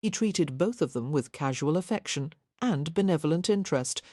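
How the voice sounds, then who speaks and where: A woman narrating a historical romance audiobook in an even, measured reading. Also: deep voice, no room sound, studio quality. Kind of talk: scripted narration.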